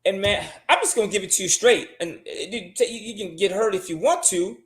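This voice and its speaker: Guy with a pretty high voice, blunt and cussing, just riffing on money stuff. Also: fairly quick, reverberant. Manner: blunt, profane and emphatic. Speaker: guest on a money talk show. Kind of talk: casual monologue giving money advice.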